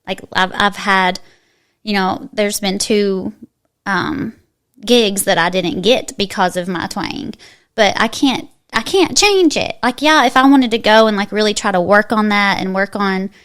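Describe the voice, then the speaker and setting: A woman speaks with a strong eastern Kentucky twang at a middling pitch. She talks in a chatty, emphatic way, doubling back and restarting mid-sentence as she makes her point. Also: measured pace, a bit bright, smooth. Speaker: guest. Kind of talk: casual interview chat.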